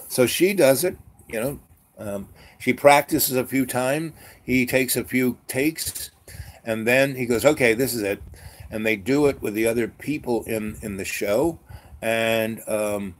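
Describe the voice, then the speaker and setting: A man hosting his own channel, telling a long story in a meandering way with lots of fillers and restarts and frequent throat clearing. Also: mid-range voice, a little slow, a bit bright. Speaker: channel host. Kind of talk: rambling storytelling monologue.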